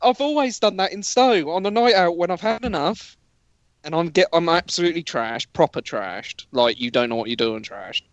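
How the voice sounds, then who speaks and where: Guy, slightly high voice, rambling self-deprecating anecdotes, dry close sound. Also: animated, normal speed, dry recording, dull audio. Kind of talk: casual chat.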